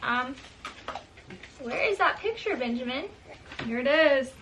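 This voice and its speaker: A woman's voice: high voice, animated, unhurried, fairly bright tone, a little hiss or hum, rough recording. A young woman and mother chatting casually in a home vlog, emotional and laughing at times. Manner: sing-song talk to her baby. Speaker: vlogger, mother.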